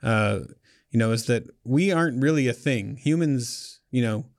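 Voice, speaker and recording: A man's voice: mid-range voice, normal speed, no room sound. Male author guest, casual, joking, restarts a lot, dry close sound. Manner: loose and joking, with many restarts. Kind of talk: casual chat.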